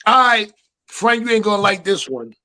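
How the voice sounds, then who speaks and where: High, bright-voiced New York man. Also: lively intonation, moderate pace. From Brooklyn, New York. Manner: joking, profane, quotes rap lyrics. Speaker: podcast co-host. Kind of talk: casual sports banter.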